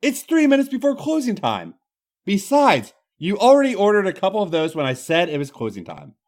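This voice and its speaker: A man's voice: sits high, huge pitch swings, a little fast, a little mellow, voice pushed up. A man voicing a male bartender who speaks firmly with a dry, teasing edge. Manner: firm, dry delivery. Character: firm, flirty male bartender.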